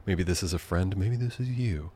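A man's voice: low voice, moderate pace, dark tone, husky. A man hosting a podcast from his living room, rambling through a sardonic, profane comedic monologue. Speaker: podcast host.

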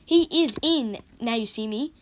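A young woman with a croaky voice, rambling in a casual vlog about her favourite movies and correcting herself often. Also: on the high side, moderate pace. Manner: rambling, chatty, self-correcting. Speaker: vlogger. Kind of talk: casual movie countdown chat.

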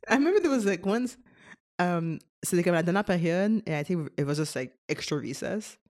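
A woman's voice: on the low side, expressive, brisk, a little mellow. A young woman, co-hosting a casual podcast chat, giggling often and switching between English and French. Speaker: podcast co-host.

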